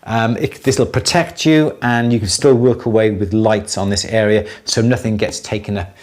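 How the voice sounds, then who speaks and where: A middle-aged man hosting a live jewellery Q&A, explaining techniques step by step in a relaxed way, with many fillers and restarts. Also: lowish voice, normal speed. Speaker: jewellery maker answering viewer questions. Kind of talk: live Q&A demonstration.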